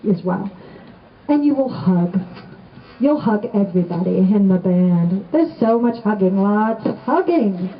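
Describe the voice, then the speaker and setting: A middle-aged woman giving a heartfelt remembrance speech to a gathered audience, storytelling with gentle humor. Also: fairly high pitch, lo-fi sound, a little hiss or hum. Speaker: assistant band director giving a remembrance talk. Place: indoors on the steps of a renovated old building.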